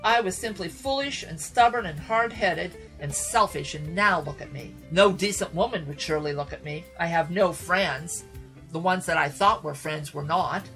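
A woman's voice: on the low side, normal speed, fairly bright tone, faint music behind, voice pushed down, rough recording. A woman voicing a broke, ashamed young man musing over his mistakes in a downcast, self-reproaching way. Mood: remorseful.

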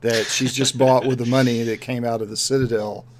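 A man narrating a tabletop game as game master, pausing often and restarting his sentences as he describes scenes. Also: medium pitch, flat delivery, a little hiss or hum. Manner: hesitant, many fillers and restarts while describing scenes.

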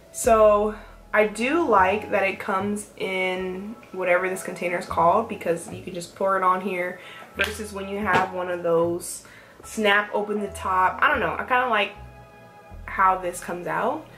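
A woman's voice: medium pitch, a bit bright. A woman talking through a hair product review in a casual, rambling way, with chatty asides, filmed at home on a camera mic. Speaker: natural hair vlogger. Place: indoors at home.

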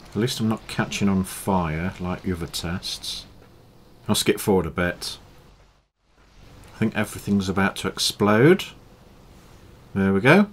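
Calm low-voiced gaming narrator. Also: male voice, a little slow, pauses often, a little hiss or hum. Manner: calm, explanatory, matter-of-fact. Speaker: gaming YouTuber. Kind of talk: gameplay commentary.

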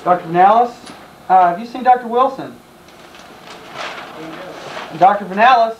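A man's voice: sits high, moderate pace, muffled recording, a little hiss or hum. A young man who is a medical resident, flustered and stammering in an amateur comedy sketch. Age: young adult. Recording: echoey amateur camcorder audio.

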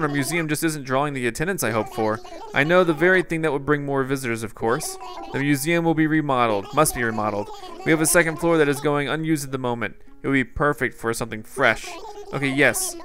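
A man's voice: a little high, a bit bright, close to an everyday voice. Blathers, a man doing a fussy owl curator. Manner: polite, formal, earnest pleading. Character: fussy male owl museum director.

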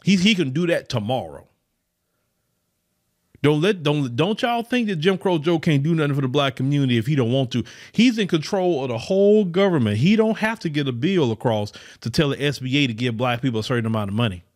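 Fired-up man with a lively, high-ish voice. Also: brisk. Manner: preachy, repetitive, addresses listeners as y'all; mocks others in high put-on voices. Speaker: podcast host. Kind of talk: impassioned political commentary.

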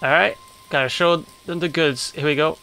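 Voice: mid-range voice, steady tone, moderate pace, bright, forceful tone, soft background music. Joking let's play commentator. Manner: joking, laughing asides. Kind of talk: gameplay commentary.

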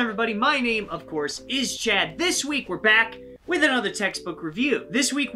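A man giving a casual, energetic textbook review vlog, joking and poking fun at himself, with big jumps in pitch. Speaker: language-learning reviewer.

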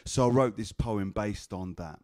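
Low-voiced English spoken word poet. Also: male voice, a little slow, darkish tone, dry recording, studio quality. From England. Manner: rhythmic, chanted delivery of rhymed lines. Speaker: performance poet. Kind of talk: spoken word poetry and storytelling at an open mic.

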